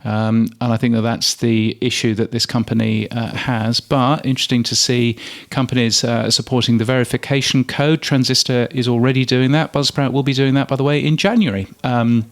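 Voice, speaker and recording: A man co-hosting a podcast news show, speaking in a casual, hesitant way full of pauses. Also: mid-range voice, level tone. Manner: hesitant, many ums and uhs. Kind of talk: casual chat.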